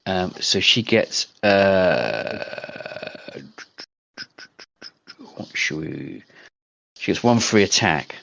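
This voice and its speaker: A man's voice: low-pitched, sing-song, extremely slow, creaky, pauses often, a bit bright, no echo, muffled recording. A man narrating as game master over online voice chat, describing scenes in a rambling, hesitant way.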